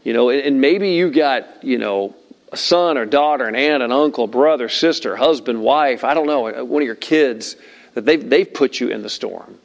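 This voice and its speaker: A man's voice: medium pitch, moderate pace, vocal fry. A male pastor preaching a sermon, emphatic and playful, with joking asides and repeated phrases.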